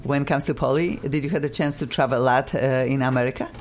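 A woman hosting a live radio chat, effusive and quick to laugh, with slightly non-standard English phrasing. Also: a bass voice, slight background noise. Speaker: radio show host.

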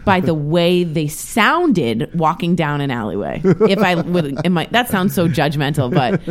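Young woman, nasal voice, radio co-host, lively ups and downs, chatty. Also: low-pitched, unhurried. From Washington, D.C. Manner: chatty, animated, self-mocking. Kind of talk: casual morning radio chat. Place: radio studio.

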